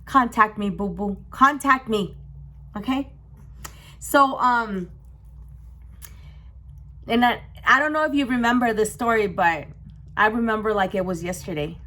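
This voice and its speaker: Young female vlogger, casual storytime, emotional and outspoken, voice sits a little high. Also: a little slow, pauses often. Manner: emotional, swearing, animated retelling.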